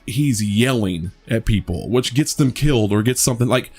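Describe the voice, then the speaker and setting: A man's voice: medium pitch, animated, moderate pace, a little mellow, slightly rough, soft background music. A man co-hosting a podcast, chatting casually about a movie, rambling with many restarts and some swearing. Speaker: podcast co-host. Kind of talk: casual movie review chat.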